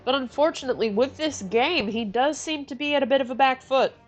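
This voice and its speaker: A woman co-commentating a gaming match in a playful mock reporter voice, chatty and quick to exclaim. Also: high-pitched, highs cut off.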